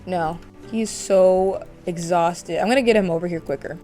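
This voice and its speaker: A woman's voice: fairly low pitch, steady tone, normal speed, mellow, faint music behind. A woman hosting a gaming channel, narrating a life-sim let's play in a chatty way, speculating about her characters with gasps and laughs.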